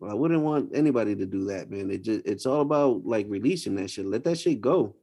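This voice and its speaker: A man's voice: fairly low pitch, lively intonation, brisk, mellow, slightly rough. A man chatting casually on a podcast, laid-back and swearing freely. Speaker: podcast co-host. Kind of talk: casual chat.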